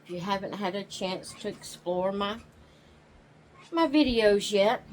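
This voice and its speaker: Slow, drawling woman chatting at home. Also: medium pitch, lively intonation, slight background noise, low-quality recording. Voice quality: slow, drawling, yawns often. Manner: homey, rambling, with restarts. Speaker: channel host. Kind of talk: casual chat. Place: home, sitting in a rocking chair.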